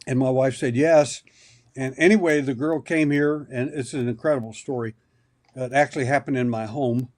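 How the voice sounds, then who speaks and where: A man of ordinary pitch sits in as a podcast guest and spins a long personal anecdote. He rambles, circles back and restarts his sentences as he goes, building the story piece by piece in a conversational telling. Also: steady tone, moderate pace, a little mellow. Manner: rambling, anecdotal, with many repeated starts. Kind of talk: storytelling in an interview.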